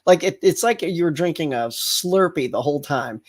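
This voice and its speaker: Middle-aged guy hosting a livestream, chatty and animated, laughs a lot, voice sits a bit high. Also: moderate pace. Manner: animated storytelling with laughs and acted-out yells. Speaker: host. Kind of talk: casual livestream chat.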